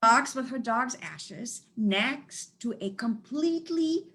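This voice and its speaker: Woman telling animated stories. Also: a little high, slow. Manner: animated, laughs often while telling stories. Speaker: animal communicator. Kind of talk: storytelling in a conversational interview. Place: United States.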